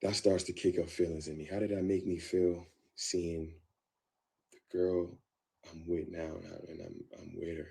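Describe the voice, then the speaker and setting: A man tells his story in a candid interview. His voice sits low and gravelly with a dark, mellow tone. He acts out what he once thought and loops back on his own phrases. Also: flat delivery, moderate pace. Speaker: guest.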